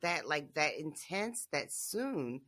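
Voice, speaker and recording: A podcast co-host in casual book discussion chat, talking in an animated way with frequent laughs and fillers. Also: mid-range voice, slow pace.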